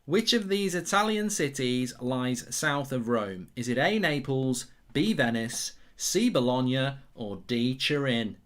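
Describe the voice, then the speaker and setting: Animated man hosting a watchalong. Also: mid-range voice, a little slow, creaky. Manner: rambling, sarcastic, swears and sings along in bursts. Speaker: football watchalong host. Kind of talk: casual live-stream chat.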